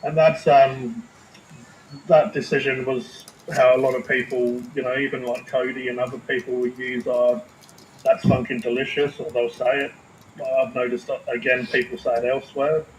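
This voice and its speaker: A man's voice: mid-range voice, level tone, moderate pace. A man chatting casually on a live stream about his food review videos, rambling and swearing freely. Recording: roomy space with faint ambient noise.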